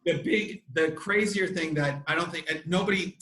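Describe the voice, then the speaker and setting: A man hosting a podcast who tells stories in an animated way, with frequent restarts. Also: fairly high pitch, moderate pace. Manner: animated storytelling, many restarts. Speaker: podcast host. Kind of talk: casual chat. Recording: echoey room.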